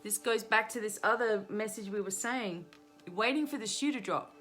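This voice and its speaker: A middle-aged woman talks through a live-streamed card reading. She coaches her listeners in an earnest, repetitive way, at a middle pitch. Faint music plays in the background. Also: moderate pace, a bit bright. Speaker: spiritual reader and hypnotherapist. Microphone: webcam or phone on a live stream.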